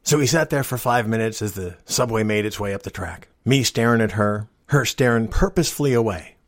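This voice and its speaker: A middle-aged man telling a long joke story in a casual, wry, deadpan way, as host of a storytelling show. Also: fairly low pitch, a little fast, no echo, clean studio sound. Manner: wry, deadpan joking delivery.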